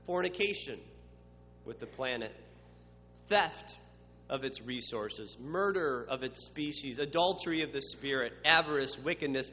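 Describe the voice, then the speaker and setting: A medium-pitched man, a pastor, preaches a sermon that builds toward emphatic spoken lists, using dramatic voices when quoting questioners. The recording sounds muffled, with a long reverb tail and a faint hum.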